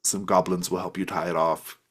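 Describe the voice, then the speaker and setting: Low, husky game master narrating. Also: male voice, level tone, fairly quick, a bit bright. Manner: loose, rambling with many fillers.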